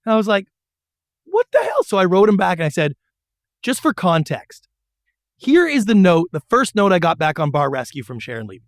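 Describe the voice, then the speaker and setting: Animated middle-aged man telling stories. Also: high-pitched, a little fast, no room sound, studio quality. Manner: animated storyteller who acts out quotes. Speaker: guest, former TV producer. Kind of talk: storytelling interview.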